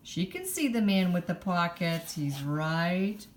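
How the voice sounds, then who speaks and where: A woman reads a children's picture book aloud in an expressive storytime manner. Her voice is lively, rising and falling a great deal as she tells the story. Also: on the low side, slow, a little hiss or hum.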